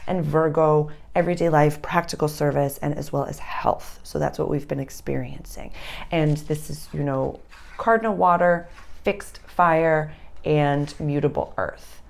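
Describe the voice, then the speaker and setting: A woman's voice: deep voice, gravelly, a little mellow. A woman with a Boston accent giving a rambling, casual astrology lesson at a board, thinking aloud as she goes. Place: indoor room with a board.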